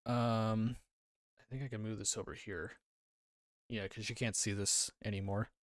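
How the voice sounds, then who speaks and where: A man's voice: on the low side, little pitch movement, moderate pace, no room sound, studio quality. A man chatting casually on a livestream, rambling and answering his chat aloud. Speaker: streamer. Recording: music playing under voice. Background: background music.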